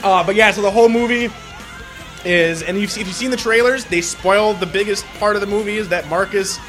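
A man in casual podcast chat, reviewing a film in a rambling, excitable way, swearing heavily and full of filler words. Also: high voice, brisk, faint music behind. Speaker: podcast co-host reviewing a movie.

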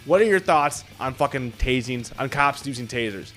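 A man's voice: mid-range voice, animated, normal speed, a bit bright, soft background music. A man hosting a podcast, rambling through stories with lots of swearing and filler words. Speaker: podcast host. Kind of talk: casual podcast chat.

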